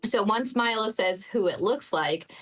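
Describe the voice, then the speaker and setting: A woman's voice: medium pitch, lively intonation, a little slow, a bit bright, soft background music, rough recording. A woman giving a chatty, laughing recap of a tabletop game session, with many fillers.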